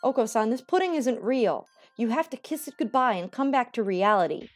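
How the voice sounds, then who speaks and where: A woman voicing the game's earnest young man, calmly reasoning with a friend. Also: fairly high pitch, fairly quick, soft background music, lightly acted. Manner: calm, earnest persuading.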